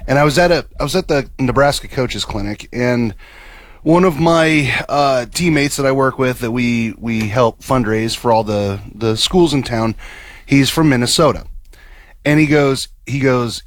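A man co-hosting a radio show, telling a story excitedly, laughing and acting out what people said. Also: medium pitch, normal speed, dry recording. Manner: excitable, laughs, acts out quotes. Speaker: radio co-host. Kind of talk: animated storytelling on air. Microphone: studio microphone.

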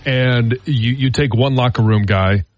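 A man's voice: mid-range voice, measured pace, lo-fi sound. A man co-hosting a sports radio show, explaining his points thoughtfully and repeating words as he works through them. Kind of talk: casual sports talk.

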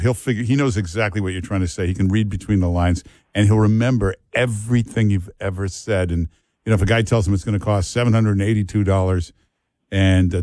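Talk radio host: keep it blunt and joking, a bit low, right up close on a dry mic. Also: male voice, darkish tone, no echo. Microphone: studio mic.

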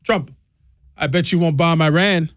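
A man voices a foreign leader who pushes and dares, slow and insistent in his own voice. The sound is dry and close. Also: a little high, dry recording, natural voice. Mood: goading. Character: impression of a pushy foreign male leader.

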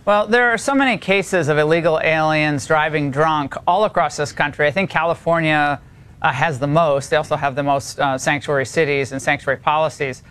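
A man's voice: a little high, brisk, fairly bright tone, smooth. A man hosting a cable news show, interviewing guests in an emphatic, indignant way. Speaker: TV news host.

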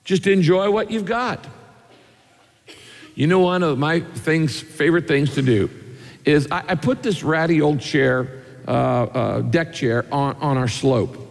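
A man's voice: fairly high pitch, gravelly, in a large hall. A man preaching a sermon, telling homey stories and asking rhetorical questions. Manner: folksy storytelling with rhetorical questions. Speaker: pastor.

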